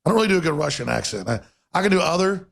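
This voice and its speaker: A male talk radio host rants in an emphatic, sarcastic monologue and speeds up in rapid bursts. His voice sits fairly high for a man and carries a rough, gravelly rasp with a husky edge. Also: sing-song.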